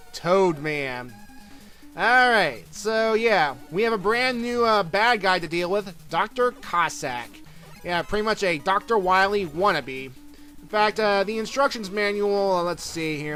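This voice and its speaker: A man's voice: high-pitched, sharp tone. A man giving casual, rambling commentary over a video game playthrough, full of fillers and restarts. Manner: rambling, lots of fillers and self-corrections. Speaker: let's play commentator.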